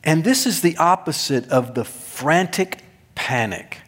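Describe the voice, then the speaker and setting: A man preaching a sermon as pastor, emphatic, swinging between loud stressed words and soft low asides, with touches of self-deprecating humor. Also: lively intonation, unhurried. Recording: long hall reverb.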